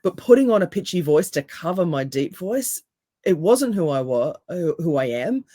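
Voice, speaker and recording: A woman with a deep voice, a hypnotherapist and coach speaking as a podcast guest with calm, emphatic, repeated phrases. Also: normal speed, dry recording, clean studio sound.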